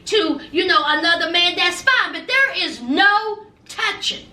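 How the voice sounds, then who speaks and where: A woman acting out a calm man who patiently lays down rules for his partner. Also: extremely high pitch, measured pace, reverberant, distant mic, heavily acted. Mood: firm. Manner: firm, patient explaining.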